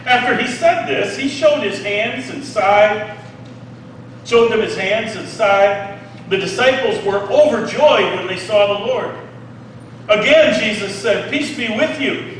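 A man preaching a sermon, reading scripture and explaining it with animated asides, often asking "Okay?". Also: high-pitched, measured pace, very echoey, recorded from a distance, a little hiss or hum, rough recording.

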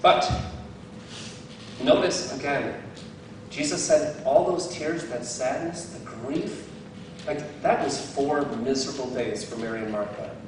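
A man's voice: mid-range voice, measured pace, noisy background. A man preaching a sermon as a guest speaker, candid and self-deprecating, with bursts of laughter. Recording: very echoey hall, heard from some distance.

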